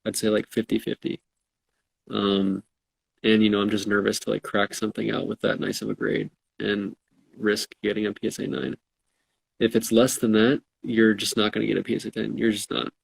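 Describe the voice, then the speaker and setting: A man's voice: lowish voice, completely flat delivery, moderate pace, vocal fry, a little hiss or hum, low-quality recording. A man co-hosting a casual live-stream chat, answering viewer questions in a laid-back, self-deprecating way.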